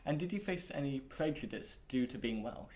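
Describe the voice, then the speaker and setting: A man's voice: medium pitch, animated, moderate pace, darkish tone. A man hosting an interview, asking short questions and mostly giving brief replies. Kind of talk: casual interview.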